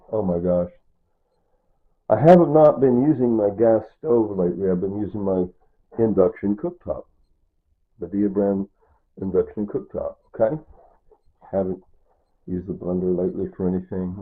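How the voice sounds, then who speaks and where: An older man walks through his small home in a casual, rambling tour. His voice sits low with a husky edge. The sound is thin and phone-like. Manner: rambling, points things out with "see" and "right?". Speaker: vlogger giving a home tour. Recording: tinny phone-like audio.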